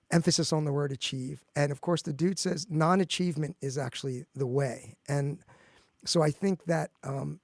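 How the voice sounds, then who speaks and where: Man, philosophy professor, gravelly and fairly high, dry close sound, casual discussion. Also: fairly even intonation, moderate pace, no room sound. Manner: thoughtful, restarts phrases often. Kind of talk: casual academic podcast discussion.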